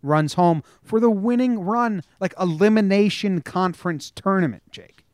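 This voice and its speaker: A man's voice: high-pitched, moderate pace, no room sound, studio quality. A man co-hosting a casual sports chat, telling stories and acting out locker-room quotes with lots of swearing. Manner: animated storyteller, acts out quotes with profanity. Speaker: podcast co-host.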